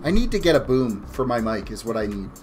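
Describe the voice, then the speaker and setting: A middle-aged Canadian man with a medium-pitched voice talks fast and very animatedly on a live game stream, rambling as he reads the chat aloud. He uses a desk mic beside him, with music playing behind his voice and keyboard typing in the background.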